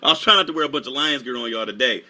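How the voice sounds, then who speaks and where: Energetic man hosting a live stream. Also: mid-range voice, racing. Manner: energetic, laughs often, reads chat aloud. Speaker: livestream host. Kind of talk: casual live-stream chat.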